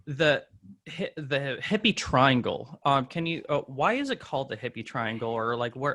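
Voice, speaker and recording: Male podcast host, mid-pitched, chatty and meandering. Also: animated, moderate pace, fairly bright tone. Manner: rambling, searching for details as he goes. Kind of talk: casual conversation.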